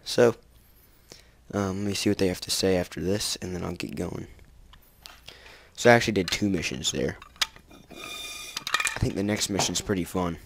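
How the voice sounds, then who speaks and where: A man's voice: low-pitched, huge pitch swings, moderate pace, creaky, long pauses, a little hiss or hum. A young man casually commentating his video game playthrough, rambling with frequent ums and out of breath. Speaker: gamer. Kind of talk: let's play commentary. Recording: game music loud behind voice.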